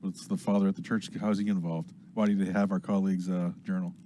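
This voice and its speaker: A man playing a tabletop game, asking rushed, blunt questions in casual talk. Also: sits low, flat delivery, dark tone, slight background noise. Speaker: player.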